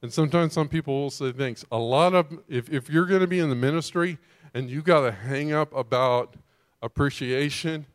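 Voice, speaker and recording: A male pastor delivers a sermon in an animated, emphatic way, keeping his listeners engaged with rhetorical questions. His voice sits a little high for a man, and the recording is dry and close-miked. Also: normal speed, dry recording.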